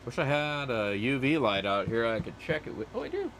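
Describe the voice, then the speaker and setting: A man's voice: medium pitch, moderate pace, a bit bright, slight background noise. A man hosting a casual livestream outdoors, rambling and chatty as he answers viewer comments. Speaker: livestream host.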